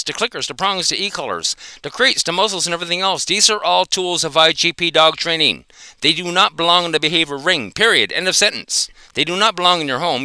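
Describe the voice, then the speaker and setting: A man's voice: a little high, bright, forceful tone, clear, resonant tone, no room sound, clean studio sound. A man giving an angry, profane reaction commentary, confronting another dog trainer.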